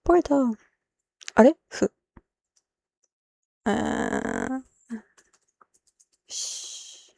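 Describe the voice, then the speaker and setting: A woman's voice: on the high side, wildly swooping pitch, drawn-out words, vocal fry, pauses often, dark tone, dry recording. A woman live-streaming as she translates a manga, thinking aloud in a rambling, self-interrupting way and dropping in Japanese phrases.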